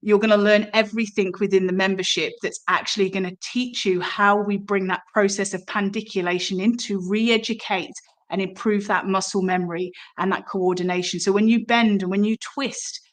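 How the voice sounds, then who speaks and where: A woman's voice: mid-range voice, fairly even intonation, moderate pace. A middle-aged woman, a somatic movement teacher, talking directly to listeners in an encouraging, chatty way and asking them questions. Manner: warm, encouraging direct address with rhetorical questions. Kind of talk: podcast-style promotional talk.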